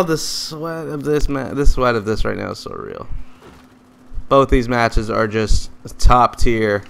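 A young man giving excitable gameplay commentary, trash-talking teammates and swinging between loud outbursts and mutters. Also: mid-range voice, slow pace, gravelly, clean tone. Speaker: gaming YouTuber.

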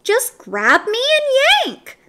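A woman's voice: very high voice, wildly swooping pitch, takes it slowly, noisy background, voice pushed up, full character voice. A woman voicing a talking pigtail that whines and coaxes a boy into mischief, in a storybook reading. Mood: coaxing. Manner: whiny, coaxing.

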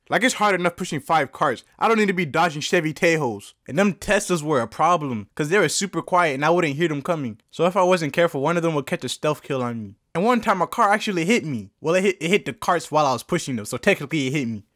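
A young man from the United States telling comedic storytime anecdotes in a deadpan, slangy way. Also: a little high, no room sound, studio quality. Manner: deadpan, slangy, quick asides. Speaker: storytelling animator.

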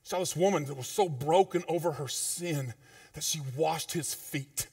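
A man preaching a sermon as pastor, in a conversational, informal way with slang, swinging between loud emphatic peaks and low quiet asides. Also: a little slow, creaky, slightly rough, dry recording, clean studio sound, distant mic. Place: church sanctuary.

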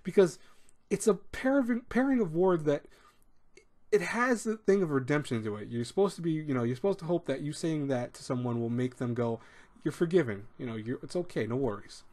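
The advice show host has a slightly high, darkish voice with lively intonation and a brisk pace. He chats casually and rambles, restarting, repeating words and acting out the speech he quotes.

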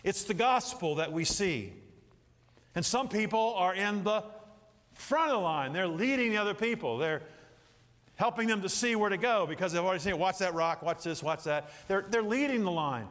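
A man's voice: high-pitched, normal speed. A middle-aged man preaching a sermon in a church, telling folksy stories and acting out little scenes as he goes. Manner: folksy, animated storytelling with acted-out asides. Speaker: pastor. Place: church sanctuary. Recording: long hall reverb.

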